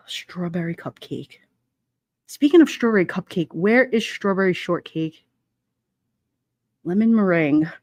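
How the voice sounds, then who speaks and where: A woman's voice: on the low side, animated, measured pace, pauses often, a little mellow, dry recording, clean studio sound. A woman hosting a casual livestream, chatting with viewers in a blunt, playful way and laughing often. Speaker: livestream host. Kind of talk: casual live chat with viewers.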